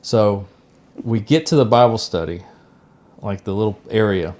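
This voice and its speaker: A fairly low-pitched middle-aged man talks at a normal speed while co-hosting a podcast. Telling a personal story casually, he brings it to life by voicing the people's lines himself.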